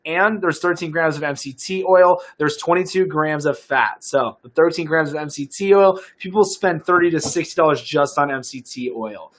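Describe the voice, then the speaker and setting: A young American man coaches fitness live online, his fairly bright voice pitched a little high for a man. At a moderate pace with barely a pause, he rambles upbeat and casual, full of fillers and restarts, pitching a product to his audience.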